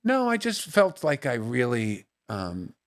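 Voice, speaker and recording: Animated male comedian telling family stories. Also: mid-range voice, unhurried. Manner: animated storyteller who acts out family voices. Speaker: guest comedian. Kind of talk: casual storytelling interview.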